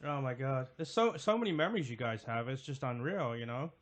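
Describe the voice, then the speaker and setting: Male host, mid-pitched voice, laughs a lot and asks relaxed questions. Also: a little fast. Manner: laughs often, easygoing questions. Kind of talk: casual interview chat.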